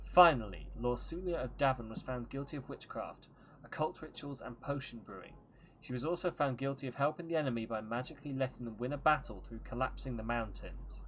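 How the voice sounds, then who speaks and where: A man's voice: medium pitch, slight background noise, close to an everyday voice, poor audio. Man reading as a grave royal messenger. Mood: solemn. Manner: formal, measured reading of a letter.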